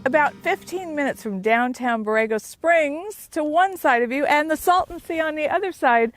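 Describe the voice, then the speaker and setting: A woman hosting a travel show, talking upbeat and enthusiastic on location outdoors. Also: a little high.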